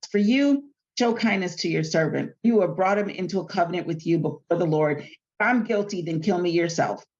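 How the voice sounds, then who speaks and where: A woman's voice: fairly low pitch, brisk, darkish tone. Woman, Bible study host, conversational, reads scripture aloud, dull lo-fi sound. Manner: chatty and colloquial, retelling the story in everyday terms.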